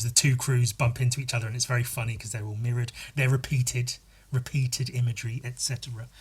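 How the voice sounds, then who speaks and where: A young man hosting a podcast, talking through a film in a casual, animated way, swearing freely and acting out quoted lines. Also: medium pitch, slightly rough. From United Kingdom. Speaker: podcast host. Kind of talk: casual film-analysis monologue.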